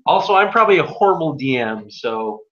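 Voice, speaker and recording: A man's voice: a little high, sing-song, a little fast, crowd noise. A man running a tabletop game as dungeon master, loose and joking, recorded in a room with friends. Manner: loose, joking, self-deprecating. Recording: echoey, dull home recording.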